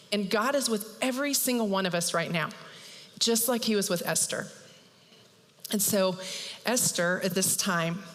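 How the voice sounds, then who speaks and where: Woman, pastor, chatty storytelling sermon, medium pitch, long reverb. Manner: lively, chatty, acts out characters. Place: church.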